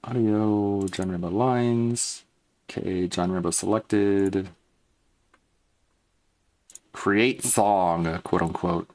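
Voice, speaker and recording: Laid-back male streamer, low voice, unhurried casual chatter. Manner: laid-back, mumbling asides to himself. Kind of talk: casual live-stream chat.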